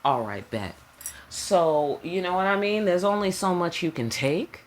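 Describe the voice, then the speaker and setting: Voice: medium pitch, animated, a little slow. A tarot reader giving a casual spiritual reading, talking in an emphatic, repetitive way with slang and frequent check-ins with the listener. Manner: slang-laced, preacherly delivery.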